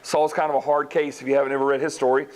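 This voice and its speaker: A man teaching a Bible study class, retelling stories in a lively way and speaking directly to the group. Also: mid-range voice, racing, rough recording. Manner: lively storytelling, acts out characters, talks to class directly.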